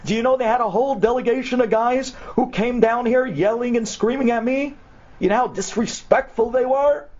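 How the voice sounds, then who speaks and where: A man doing a booming, excited older president. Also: breathy edge. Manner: booming, excited, then indignant. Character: elated then angry older male US president. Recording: dull lo-fi recording.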